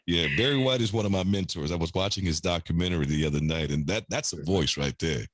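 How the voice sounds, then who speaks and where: A man with a deep baritone that sits very low and carries a husky grain. He talks in an easy, laid-back way, dropping chuckling asides as a guest on a talk show. The sound is dry and close. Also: quick pace, no echo. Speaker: radio personality guest. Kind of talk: casual interview chat.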